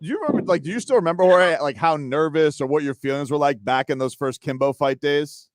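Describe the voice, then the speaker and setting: A man co-hosting a sports radio show, ranting and sarcastic with loud outbursts, on a studio mic. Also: a little high, a little fast, dry recording. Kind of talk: animated sports talk radio banter. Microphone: studio broadcast mic.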